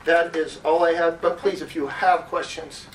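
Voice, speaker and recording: A man's voice: fairly high pitch, steady tone, moderate pace. A man delivers public comment at a city meeting, circling back and repeating himself as he restarts sentences. His voice comes through the echo of a council chamber, picked up from some distance. A faint hum sits underneath. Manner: rambling, repeating words and restarting. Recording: echoey chamber heard from off-mic.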